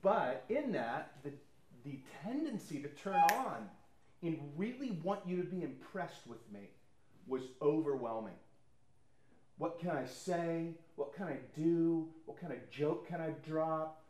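A man's voice: fairly high pitch, animated, measured pace, darkish tone, slight background noise. A man preaching a sermon, telling personal stories conversationally and acting out what other people said. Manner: conversational storytelling, acts out quoted people. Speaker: pastor. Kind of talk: sermon testimony. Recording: echoey room.

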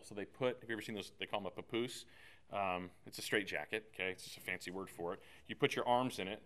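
Man preaching, earnest storyteller, lowish voice, emphatic swells. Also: fairly bright tone. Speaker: pastor. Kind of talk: sermon with personal story.

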